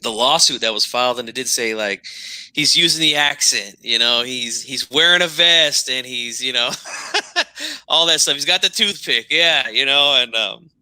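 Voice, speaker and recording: A man hosting a casual wrestling talk show, telling stories in an animated way and often tacking on "man". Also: mid-range voice, normal speed, clean tone, no echo, low-quality recording. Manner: animated storyteller, says "man" a lot. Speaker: wrestling podcast host. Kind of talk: casual chat.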